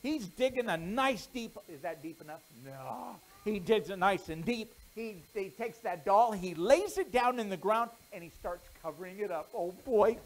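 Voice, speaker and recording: Male pastor, animated children's storyteller, lively swings in pitch. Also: normal speed, hardly any pauses, rough recording. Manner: animated storyteller, then earnest preaching.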